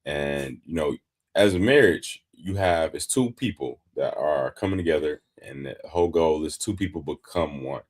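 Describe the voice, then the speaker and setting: A man from Detroit co-hosting a relaxed podcast with his wife, easygoing and explaining things in long, loose runs. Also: rumbling low, normal speed. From Detroit, Michigan. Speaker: podcast co-host. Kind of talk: casual chat.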